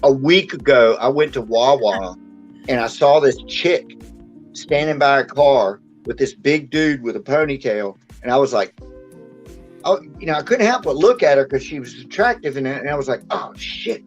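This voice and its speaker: A man's voice: mid-range voice, expressive, moderate pace, soft background music. Rambling man, dull lo-fi mic. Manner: rambling storyteller, swears casually. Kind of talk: casual chat.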